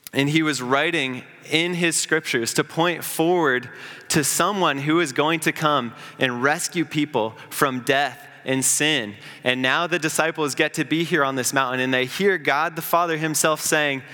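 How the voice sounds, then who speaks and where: A man preaching a sermon as pastor, earnest, building up and slowing down for emphasis. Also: on the high side, bright, forceful tone, long reverb tail.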